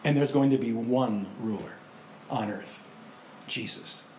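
A male pastor preaching a sermon, animated storytelling that swings between loud and hushed. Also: mid-range voice, unhurried, reverberant, slight background noise.

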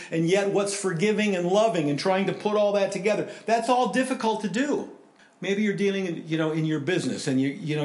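A man preaching a sermon in a conversational, animated way, swinging between loud emphasis and hushed asides. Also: on the high side, roomy sound. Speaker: pastor.

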